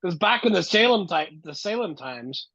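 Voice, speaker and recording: A man's voice: high-pitched, animated, normal speed, vocal fry, a bit bright, no echo, muffled recording. A man hosting a podcast, reacting emphatically and cursing freely in casual chat. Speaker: podcast host.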